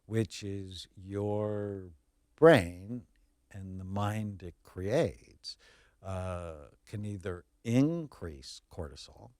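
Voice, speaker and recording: A man's voice: on the low side, drawn-out words, a little mellow, no room sound, studio quality. A man, a child psychiatrist, explaining earnestly and emphatically as a guest in a podcast interview.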